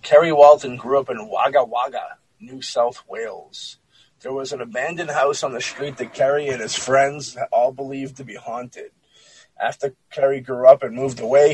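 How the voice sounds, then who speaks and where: A man's voice: mid-range voice, steady tone, moderate pace, a little hiss or hum, poor audio. A man co-hosting a podcast, reading a spooky story and then joking about it bluntly, with frequent swearing. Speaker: podcast co-host. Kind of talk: casual chat, reading a story aloud.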